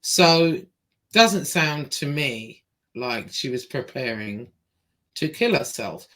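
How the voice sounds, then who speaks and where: A woman hosting a livestream, talking in a halting way with many pauses and fillers as she reads messages aloud. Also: rumbling low, expressive, fairly bright tone. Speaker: show host. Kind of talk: livestream interview.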